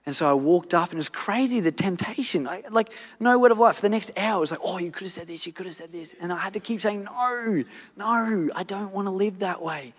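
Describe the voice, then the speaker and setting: A man preaching a sermon, earnestly telling a story and swinging from loud to hushed. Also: sits high, a little fast. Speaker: pastor. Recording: long church hall reverb.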